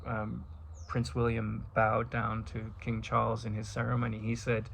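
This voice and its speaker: A man's voice: medium pitch, completely flat delivery, moderate pace, vocal fry, fairly bright tone, slight background noise. A middle-aged man giving a reflective, rambling monologue as host of a spiritual talk, with many restarts and asides.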